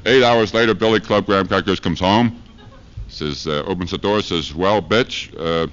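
This low-voiced man takes his time, speaking slowly with long pauses and a slightly bright tone. In the role of a street preacher comedian, he rambles through a profane stand-up bit with rhyming chants before a university lecture hall audience. The 1970s live archive tape is dull and lo-fi, with a little hiss or hum.

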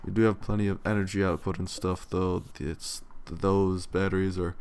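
A man's voice: deep voice, flat delivery, moderate pace, darkish tone, clear, resonant tone. A young man giving casual, rambling gameplay commentary, swearing freely and yawning often. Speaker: let's play commentator.

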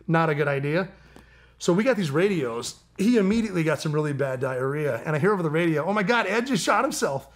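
A man as a guest on a casual interview show, spinning a long tale and laughing often. His voice sits a bit high for a man, and he jumps into quoted lines with sudden energy. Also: fast. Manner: animated storyteller, laughs often, mimics people in quotes.

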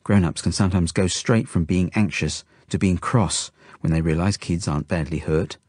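A man narrates a children's novel in the first person, steady and intimate. His voice is low with a slight husk. The recording is dry and close. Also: moderate pace, breathy edge, no room sound. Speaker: audiobook narrator.

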